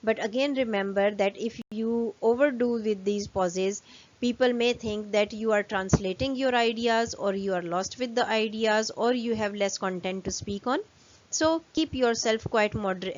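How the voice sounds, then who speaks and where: A woman lecturer, giving a fast recorded lesson full of "um" and "uh" fillers. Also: mid-range voice, dull audio.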